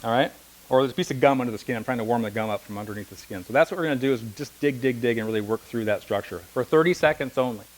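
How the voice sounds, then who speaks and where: Fast-talking male massage instructor. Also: mid-range voice, low-quality recording. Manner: fast, anecdotal, demonstrating while talking. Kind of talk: hands-on lecture demonstration.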